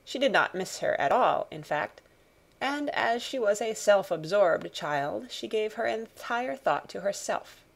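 A woman narrating a classic novel as an audiobook reader, in calm, even storytelling. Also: medium pitch, measured pace, vocal fry.

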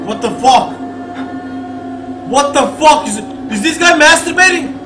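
A man giving profane, excitable commentary while playing a horror game, swearing and talking back at the characters on screen. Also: very high voice, a little slow, pauses often, echoey room, noisy background. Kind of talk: profane let's play commentary.

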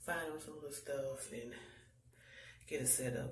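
A woman's voice: low voice, normal speed, pauses often, heavy background noise. A pregnant mother of five, tired and out of breath, chatting casually to her vlog viewers in loose slang.

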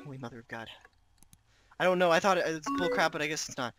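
A man's voice: fairly high pitch, quick pace. A male let's-play gamer commenting on his game, flustered and exclaiming often. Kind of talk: gameplay commentary. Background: game music.

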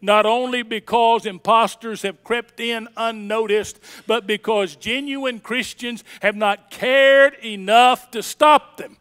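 A man preaching a sermon as senior pastor, swinging between loud declarations and hushed storytelling. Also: extremely high pitch, steady tone, slow, few pauses, clean tone. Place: church sanctuary.

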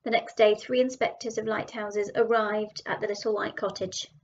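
A woman teacher reading a children's picture book aloud, adding gentle chatty asides, in a dull lo-fi recording. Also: mid-range voice, steady tone, moderate pace.

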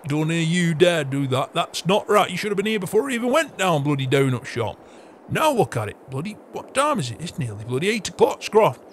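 A man's voice: on the high side, very animated, brisk, a little hiss or hum. A man playing a grumpy old farm boss. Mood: scolding. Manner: grumbling, swearing, scolding.

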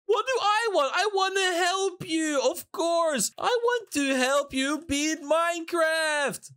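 A man's voice: very high voice, slow, pushed and bright. A man hosting a gaming video, giving gleeful, giggly commentary while he plays a prank. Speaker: gaming channel host. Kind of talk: excited gameplay commentary.

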